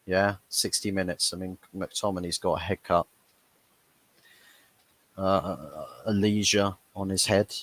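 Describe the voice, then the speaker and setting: A man's voice: low voice, fairly even intonation, unhurried, pauses often, a bit bright. A young man hosting a fan watchalong, chatting casually through the match and laughing at his own jokes. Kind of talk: live match reaction commentary.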